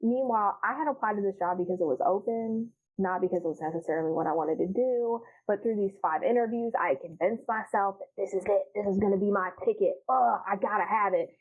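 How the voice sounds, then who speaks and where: A woman's voice: medium pitch, quick pace, hardly any pauses. Woman guest, blunt and profane, laughs a lot, plays out her old self; tinny phone-line sound. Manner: frank, profane, laughs often, acts out her past self. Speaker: podcast guest. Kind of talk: candid casual chat.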